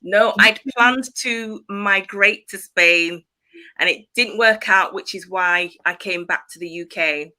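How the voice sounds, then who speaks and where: A middle-aged woman from Leeds, speaking as a guest in a casual interview, calm and reflective, with light giggles. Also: medium pitch, slow pace. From Leeds, West Yorkshire, England.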